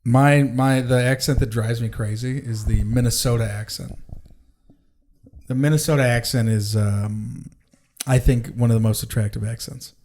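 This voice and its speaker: A man hosting a podcast in a studio, with a voice of ordinary pitch. He sounds relaxed, nods along with plenty of agreement and drops in quick jokes. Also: a little hiss or hum. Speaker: podcast host. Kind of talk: casual podcast chat.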